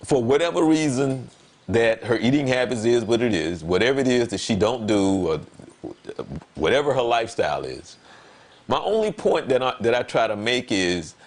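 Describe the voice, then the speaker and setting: A man in relaxed conversation on a talk show, telling a personal story. He leans on words and repeats them for emphasis. When he acts out what he said, his voice leaps up animatedly. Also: medium pitch, normal speed. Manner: animated, voice jumps up when quoting himself. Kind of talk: casual conversation.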